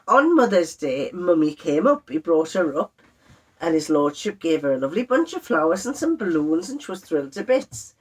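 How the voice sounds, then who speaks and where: An older woman, chatting to camera in a sewing vlog, telling an exasperated family story with lively quoted voices. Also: medium pitch. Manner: chatty, exasperated, animated when quoting others. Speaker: sewing vlogger.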